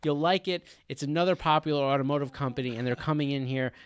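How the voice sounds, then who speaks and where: A man's voice: mid-range voice, fast talker, clear, resonant tone, dry recording. A man hosting a casual live stream Q and A, explaining with lots of fillers and laughing along.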